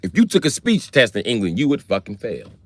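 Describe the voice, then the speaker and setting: An American man with an American accent, ranting on a live stream in a loud, profane, animated way. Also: medium pitch, brisk, no room sound. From United States.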